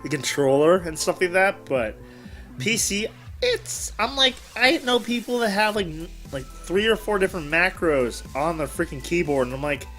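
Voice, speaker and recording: Chatty male host, very animated and bright, with quiet music underneath. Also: high-pitched, moderate pace. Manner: rambling, animated, self-correcting. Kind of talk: casual interview chat. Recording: background music.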